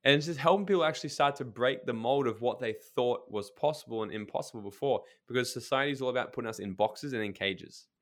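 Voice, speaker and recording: A blunt man talks on a podcast in a casual, emphatic way, swearing freely as he makes his points. He tells stories with quick asides. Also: medium pitch.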